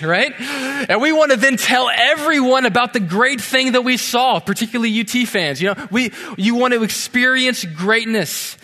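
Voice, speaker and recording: A man preaching a sermon in a church, conversational and animated, asking the congregation rhetorical questions. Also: very high voice. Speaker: pastor. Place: church sanctuary. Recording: long church hall reverb.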